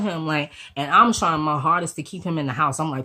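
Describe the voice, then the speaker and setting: A woman getting over a cold, telling a personal story to her viewers in an animated, profane, slangy way. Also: deep voice, fairly quick, hardly any pauses. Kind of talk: casual storytime vlog.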